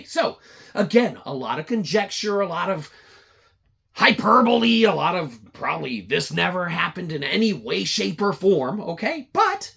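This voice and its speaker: A podcast host rants crudely and sarcastically in a gravelly, husky voice that swings lively up and down. The delivery rambles loosely, full of profane asides. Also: mid-range voice. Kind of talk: profane comedic rant.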